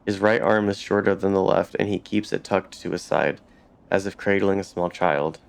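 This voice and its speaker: Man hosting a let's play, lowish gravelly voice, reading narration aloud with casual comments. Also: steady tone, normal speed. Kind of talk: reading game text aloud.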